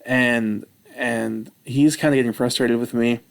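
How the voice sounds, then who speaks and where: A man vlogging, telling a rambling personal story with self-mocking, animated retelling. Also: mid-range voice, measured pace, gravelly.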